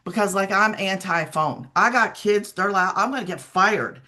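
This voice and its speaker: Animated mother in her forties telling her story. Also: medium pitch, moderate pace. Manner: animated storyteller, emphatic repeats. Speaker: guest sharing a testimonial. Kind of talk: emotional personal testimonial.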